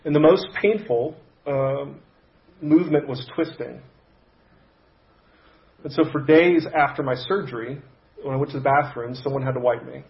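A man pastor telling a personal story in a sermon, conversational and halting, with frequent restarts. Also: mid-range voice, roomy sound, dull audio. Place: church sanctuary.

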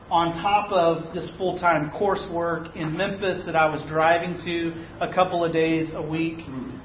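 A man's voice: fairly high pitch, a little hiss or hum. A man preaching, telling a personal story in a conversational, self-deprecating way. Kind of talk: sermon storytelling. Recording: echoey, dull-sounding room recording.

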